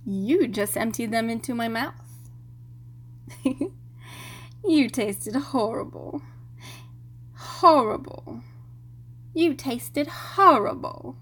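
A woman's voice: a little high, animated, fairly bright tone, exaggerated voice. A woman playing a teasing young student witch. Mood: playful.

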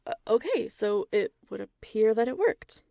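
A woman plays a frazzled young scientist who trips over her words, fast and flustered. Her voice sits a touch high with a heavy gravelly fry running through it. It is recorded close and dry. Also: dry recording.

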